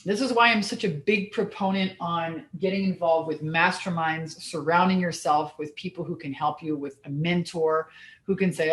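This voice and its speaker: A woman business coach giving an energetic, blunt motivational talk, swearing casually as she goes. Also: lowish voice, moderate pace, echoey room.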